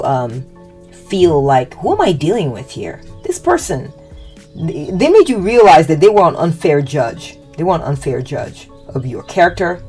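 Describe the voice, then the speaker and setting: A woman's voice: low voice, mellow. A woman giving a casual tarot reading, rambling and hesitant, often acting out what people might have said. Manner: rambling, hesitant, restarts and fillers, acts out quotes. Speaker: tarot reader.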